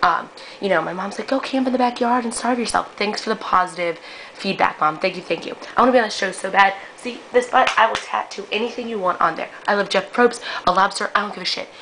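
A woman's voice: medium pitch, fairly even intonation, fast, pushed and bright, slight background noise, rough recording. A woman in her twenties recording a brash, profane, self-mocking audition video for a reality show. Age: 20s.

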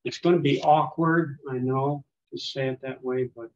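A man's voice: medium pitch, fairly even intonation, moderate pace. A man leading a small class in biblical Greek, patiently explaining and pronouncing words for students to repeat. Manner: patient, explains with fillers and restarts. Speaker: Greek teacher. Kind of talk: classroom teaching. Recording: dull lo-fi classroom recording.

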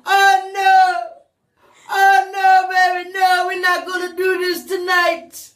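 A woman hosting a rowdy call-in radio show, loud and repetitive, often shouting and laughing. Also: very high voice, completely flat delivery, takes it slowly. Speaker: radio talk show host. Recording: echoey room.

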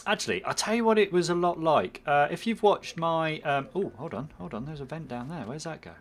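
A man's voice: on the high side, lively intonation, fairly quick. A man commentating his own game playthrough, rambling and self-mocking, muttering at the game as he plays. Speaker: gaming channel host. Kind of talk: let's play commentary.

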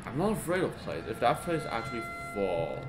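A man giving casual gaming commentary, excitable, swinging from low mumbling to frustrated yelling. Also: fairly quick. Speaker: gameplay commentator. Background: game music.

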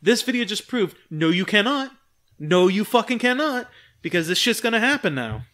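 A man on a casual podcast tells a story with a lot of energy and acts out every voice in it. His voice sits high for a man, and he swears freely as he gets wound up. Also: very animated, normal speed, a bit bright. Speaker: podcast co-host. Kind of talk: casual chat.

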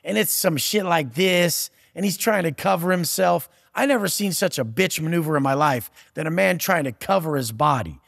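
A man's voice: a little high, normal speed, vocal fry, few pauses, fairly bright tone, no echo, studio quality, long reverb tail. A man giving a profane, aggressive motivational rant as a podcast guest, taunting and blunt.

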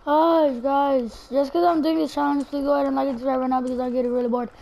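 A high-pitched woman narrates her gameplay live. She is chatty and excitable, reacts loudly to finds and threats, and keeps talking straight to her viewers. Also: fast talker, creaky. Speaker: gameplay commentator.

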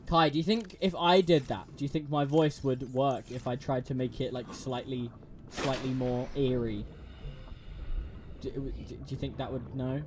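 A man's voice: mid-range voice, fairly even intonation, moderate pace, darkish tone, a little hiss or hum. A young man streaming a game, chatting to a friend, giggling and stumbling over restarts. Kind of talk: casual gameplay chat with a friend.

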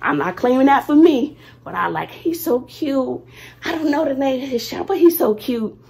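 A middle-aged woman, vlogging in a casual, playful way. Her voice is husky and rather high, and it swings widely from loud outbursts to hushed asides. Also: animated, normal speed. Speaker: vlogger, teacher. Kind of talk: casual vlog talk to viewers.

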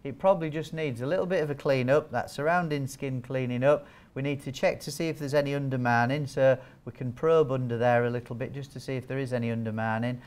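A man's voice: mid-range voice, fairly even intonation, fast, few pauses, darkish tone. A man giving a training talk to nurses as a wound care trainer, chatty and joking, quizzing the audience. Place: training hall with a live audience.

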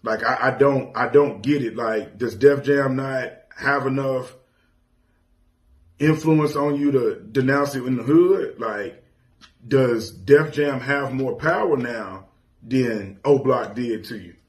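Brief: male caller, mid-pitched, thinking aloud, rephrasing his points. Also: takes it slowly. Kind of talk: call-in commentary.

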